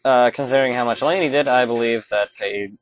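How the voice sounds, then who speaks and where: A man's voice: mid-range voice, fast. A man chats offhandedly over a video game he is playing, trailing off and restarting his sentences as he goes. The recording sounds dull and lo-fi, with faint game music underneath. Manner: rambling, self-correcting, offhand. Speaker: let's play commentator. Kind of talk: casual gameplay commentary.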